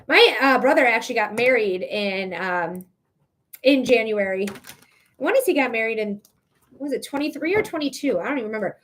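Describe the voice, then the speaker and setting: A woman's voice: on the high side, lively intonation, a little fast, fairly bright tone, a little hiss or hum. A young woman hosting a live psychic reading stream, chatting casually with viewers and venting her frustration with plenty of swearing. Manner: frustrated, swearing, talking to chat.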